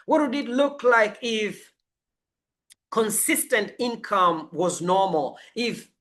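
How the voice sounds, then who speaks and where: A life coach speaks slowly and deliberately, with a bright, forceful tone. The talk is motivational and emphatic, driving each affirmation home through repetition. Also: mid-range voice, a little hiss or hum.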